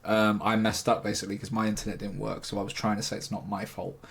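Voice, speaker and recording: A man's voice: fairly low pitch, flat delivery, quick pace, creaky, a bit bright, husky. A man hosting a casual interview over a video call, easygoing, laughing along and asking follow-up questions. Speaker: podcast host. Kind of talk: casual chat.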